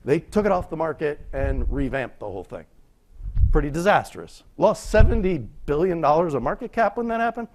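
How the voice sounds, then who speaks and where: A man's voice: on the high side, big pitch swings, brisk. A man giving a conference talk in a conversational way, often asking rhetorical questions and checking in with "right?". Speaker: conference speaker. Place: lecture room.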